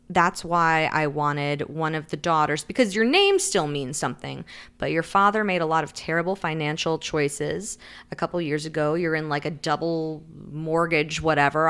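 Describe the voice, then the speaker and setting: A woman co-hosts a casual book recap podcast, retelling the story chattily with "like" in nearly every line and briefly acting out characters' quotes in shifting voices. Her deep voice is clear and resonant, with a bit of brightness.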